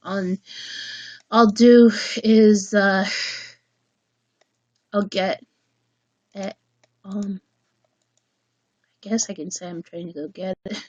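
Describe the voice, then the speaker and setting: A woman hosting a casual livestream chat, rambling and halting as she restarts her sentences. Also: mid-range voice, fairly even intonation, a little mellow, no room sound, highs cut off. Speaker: livestream host.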